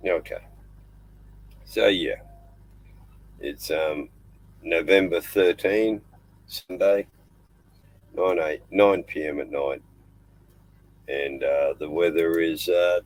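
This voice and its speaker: A man's voice: extremely low pitch, slightly rough, low-quality recording. An older Australian man hosting a casual live stream from inside his small boat at night, rambling and chatting in between fussing over his dog. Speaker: livestream host.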